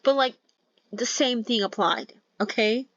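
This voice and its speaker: A woman's voice: on the high side, a little slow, no echo, highs cut off. A young woman casually reading a novel aloud, breaking in with swearing jokes and corrections. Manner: joking asides, swears, self-corrects. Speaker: novel reader. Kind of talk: casual novel read-along with commentary.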